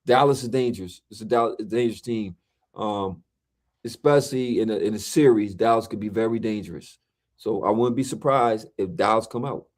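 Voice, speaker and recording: A man's voice: fairly low pitch, a little fast. A man co-hosting a podcast in a casual, emphatic way, repeating himself and talking in slang. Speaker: podcast co-host. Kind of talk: casual sports and movie chat.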